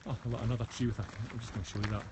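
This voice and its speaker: His voice is lowish and flat, and he races along: a Scottish man with a west of Scotland accent, streaming on his handheld phone from a mountain forest path. He chats casually, answers comments, restarts often, and background noise comes through clearly.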